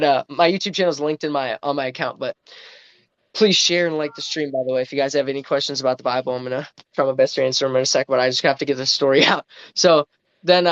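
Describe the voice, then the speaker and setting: Guy rambling on a live stream, kinda high voice, dry close sound. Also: fairly bright tone, no echo, lo-fi sound. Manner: rambling, full of fillers and restarts. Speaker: livestreamer. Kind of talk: casual livestream storytelling.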